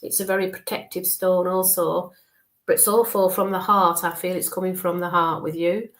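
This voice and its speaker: A woman working as a spiritual medium during a live online reading. She describes what she sees slowly, repeats herself and checks in often with a soft, reassuring "okay". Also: fairly low pitch, flat delivery. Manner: describes visions slowly, checks in with frequent okays.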